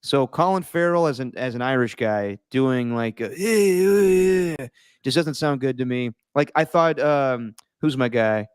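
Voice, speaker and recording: Animated, joking podcast co-host man. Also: medium pitch, clear, resonant tone, dry recording, studio quality. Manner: animated, mocking, does quick impressions. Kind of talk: casual chat.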